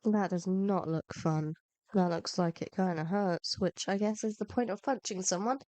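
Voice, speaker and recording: A woman with a mellow, medium-pitched voice narrates her gameplay at normal speed in a dry, close recording. Unwell with a cold, she rambles along in casual commentary and pokes fun at herself as she plays.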